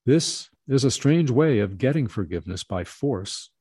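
A man voicing a calm, kindly spiritual master who speaks gently and in measured words. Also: mid-range voice, husky, no echo, studio quality. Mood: gentle. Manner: gentle, soft-spoken, measured.

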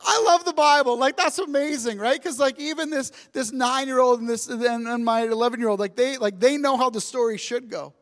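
A man preaching a sermon with a very high voice. He tells his stories in an animated way and acts out the dialogue. His voice rings with a long reverb from a church sanctuary. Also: a little fast, few pauses. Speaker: pastor.

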